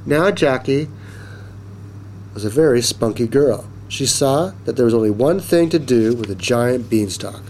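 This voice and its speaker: A man reads a children's story aloud at an unhurried pace, leaning into each line with expression. His voice sits mid-range. A faint hum of room noise sits under him. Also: mid-range voice. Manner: slow, expressive, animated reading.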